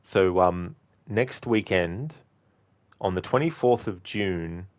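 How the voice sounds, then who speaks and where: Deep-voiced chatty streamer. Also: male voice, slow pace. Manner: chatty, thanks viewers by name, rambling asides. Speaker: game streamer. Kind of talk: casual livestream chat.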